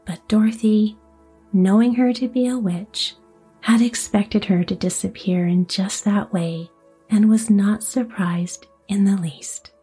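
Soft-spoken woman reading a storybook. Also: medium pitch, steady tone, a little slow, husky, faint music behind. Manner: soft, often drops to a whisper. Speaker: audiobook narrator. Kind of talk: storybook narration.

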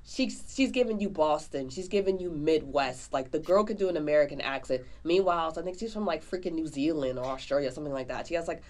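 A woman's voice: deep voice, fast talker, few pauses. Chatty woman co-hosting a movie podcast. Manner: chatty, animated, lots of fillers. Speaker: podcast co-host. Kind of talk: casual movie review chat.

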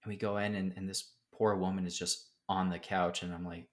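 A young adult man, a podcast guest, telling stories in a casual, animated way, with filler words and many acted-out quotes. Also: deep voice, a little fast. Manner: animated storyteller who acts out quotes. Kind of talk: casual storytelling in a podcast interview.

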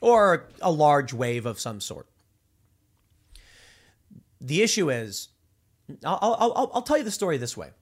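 A man hosting a political commentary show, talking in an animated, rambling monologue with many restarts. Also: on the high side, measured pace, long pauses.

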